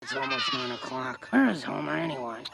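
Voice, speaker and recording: An actress voicing a sour, scornful middle-aged cartoon aunt with a raspy voice. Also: female voice, lowish voice, wildly swooping pitch, brisk, a crowd in the background, full character voice. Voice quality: gravelly, raspy. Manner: dry, scornful.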